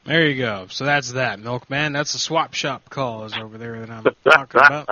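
A man's voice: mid-range voice, normal speed, pushed and bright, highs cut off, faint music behind. A man hosting a show, chatting casually and offhand between clips. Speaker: show host. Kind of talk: casual live-show chat.

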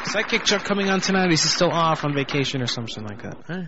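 A man's voice: a little high, lively intonation, fast, lo-fi sound, a loud crowd, heavy background noise. A young man hosting a prank call internet radio show, crude and joking, swearing often. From Orlando, Florida. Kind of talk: casual internet radio banter.

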